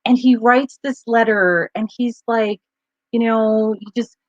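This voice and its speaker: A woman's voice: fairly high pitch, fairly even intonation, takes it slowly, dry recording, dull audio. A woman co-hosting a live stream, telling stories in a rambling, chatty way full of fillers. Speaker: co-host of a live advocacy stream. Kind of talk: casual live-stream chat.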